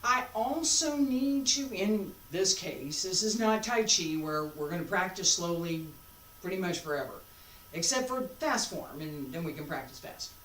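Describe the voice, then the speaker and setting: A woman's voice: lowish voice, animated, unhurried, a bit bright, a little hiss or hum. A woman teaching a martial arts class as she demonstrates, thinking aloud with rhetorical questions. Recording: roomy sound from a distant mic.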